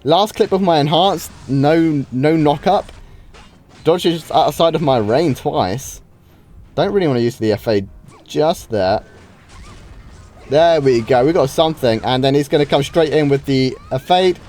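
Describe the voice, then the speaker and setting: Slightly high and a little slow, with a mildly mellow quality, this British streamer's voice accompanies his live game duels. He keeps things casual, reacting to play with frequent wows and restarts, while faint game music runs in the background.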